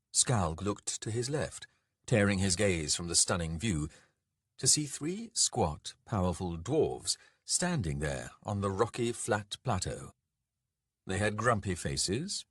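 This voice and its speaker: A man narrates a dark fantasy audiobook in a measured, dramatic delivery. His voice is low and husky, and he takes his time. The recording is dry and close. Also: no echo.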